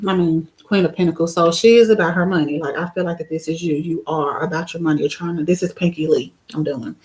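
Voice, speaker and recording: Giggly low-voiced woman reading tarot. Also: rough recording. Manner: chatty, giggly, lots of fillers. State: sore throat. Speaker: tarot reader. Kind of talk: casual live-stream tarot reading.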